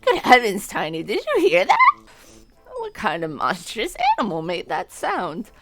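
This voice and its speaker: A woman voicing a kindly old male cafe owner who talks in a gentle, old-fashioned, polite way. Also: medium pitch, wildly swooping pitch, measured pace, over music, voice pushed up. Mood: startled.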